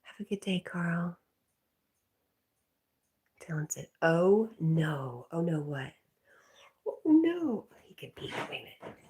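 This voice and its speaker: A woman hosting a casual livestream, reading viewer comments aloud, talking to her dog and often dropping to a soft whisper. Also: low-pitched, a little slow, long pauses. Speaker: livestream host.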